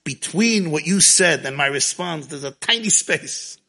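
A man teaching a Torah class, telling stories in a lively way and mixing in Hebrew and Yiddish terms. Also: on the high side, a little slow, vocal fry.

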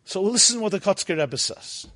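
A man. He acts out the dialogue himself and swings into sudden loud outbursts. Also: high-pitched, animated, moderate pace. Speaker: rabbi. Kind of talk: sermon.

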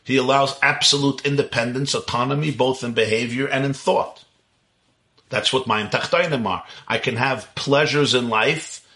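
A man giving a religious lecture on Kabbalah, talking with animated intensity and posing rhetorical questions. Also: mid-range voice, moderate pace. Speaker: teacher of Kabbalah.

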